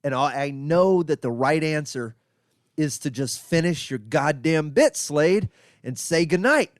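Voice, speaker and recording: A man's voice: fairly high pitch, animated, a little slow, no echo, studio quality. A man co-hosting a podcast, telling rambling, profane stories in casual chat. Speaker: podcast co-host, comedian. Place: podcast studio.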